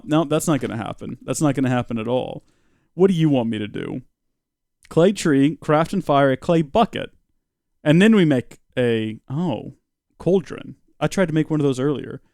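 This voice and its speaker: Playing a game live, this young man jokes his way through commentary, addresses his viewers, and switches into goofy high-pitched voices as a streamer. The tone is darkish, with no room sound and studio-grade audio.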